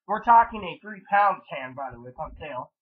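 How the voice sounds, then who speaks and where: A man's voice: a little high, lively intonation, fairly quick, breathy edge, narrow, tinny audio. A man hosting his own video blog, talking in a casual, rambling and frustrated way, and swearing freely. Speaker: vlog host.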